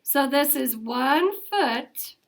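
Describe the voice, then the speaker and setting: High-pitched lady teacher running a math class, quick, keeps asking the kids questions. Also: lively intonation. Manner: brisk, coaxing questions to the class. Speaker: elementary school teacher.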